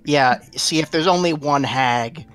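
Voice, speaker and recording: Casual table player, deadpan humor, light music behind. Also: mid-range voice, a little slow.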